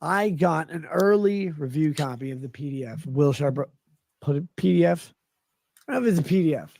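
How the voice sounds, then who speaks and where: A man's voice: a little high, brisk, gravelly, darkish tone, no room sound. A man rambling loosely through a livestream as he reads chat messages aloud, swearing and drifting off topic in a drunken manner.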